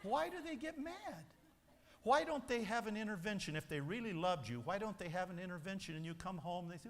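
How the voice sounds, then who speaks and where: A man's voice: high-pitched, expressive, fairly quick. A man giving an emphatic motivational speech to a convention audience, telling a story like a preacher. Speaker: motivational speaker. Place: large convention hall. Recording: long hall reverb.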